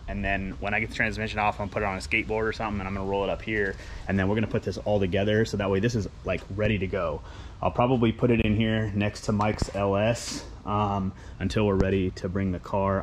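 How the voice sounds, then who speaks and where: A young man with a fairly low voice talks through his work in a home garage, easygoing and rambling, with plenty of ums. A faint hum of background noise and vehicles sits under his voice. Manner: laid-back, rambling with fillers. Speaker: home mechanic vlogger. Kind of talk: casual vlog narration. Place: home garage, indoors and driveway.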